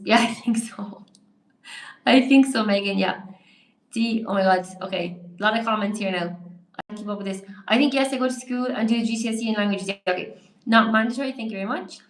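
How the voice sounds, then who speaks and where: A woman's voice: a little high, echoey room. Chatty Irish woman teaching English live. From Ireland. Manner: chatty, reads viewer comments aloud and answers them. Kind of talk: live-streamed English lesson.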